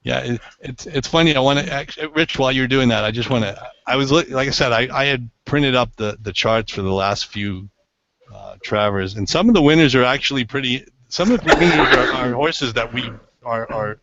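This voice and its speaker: A man's voice: medium pitch, normal speed, dry recording. Man rattling off racing history. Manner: lively, rattles off lists of names. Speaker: horse racing handicapper. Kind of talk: casual roundtable chat. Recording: dull lo-fi recording.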